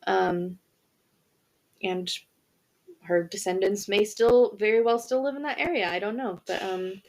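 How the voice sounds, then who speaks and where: Co-hosting a podcast, a young woman casually retells a history story, chatting away with many fillers and restarts and laughing easily. Her voice is mid-range and a little mellow, and she doesn't rush.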